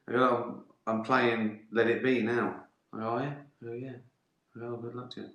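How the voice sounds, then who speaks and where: In a reverberant space, a middle-aged man with a mid-range voice talks fast while answering viewer questions on his livestream. The chat is casual; he drifts from point to point, curses, and chuckles at his own anecdotes.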